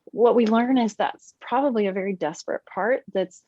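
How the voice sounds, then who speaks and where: A woman's voice: on the high side, moderate pace, mellow, dry recording, lo-fi sound. A woman guest on a podcast, explaining her ideas earnestly, with occasional laughs. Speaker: podcast guest, therapist and teacher. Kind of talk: podcast conversation.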